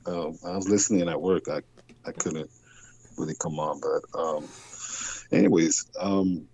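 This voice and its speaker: A young man calling into a talk show, speaking hushed and hesitant with many ums. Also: rumbling low, steady tone, a little slow, dull audio. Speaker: caller guest. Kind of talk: casual call-in chat.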